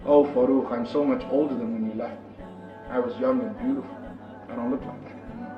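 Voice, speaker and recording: A male preacher voicing a gentle, pious old wife in a retold story, heard from afar in an echoey room. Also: medium pitch, fairly even intonation, fairly quick, lightly acted. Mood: tender. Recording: distant echoey dull recording with music.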